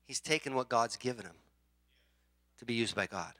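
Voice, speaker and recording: A man preaching a sermon as pastor, telling a story with acted-out voices and swinging from quiet asides to loud shouts. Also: mid-range voice, moderate pace, no echo.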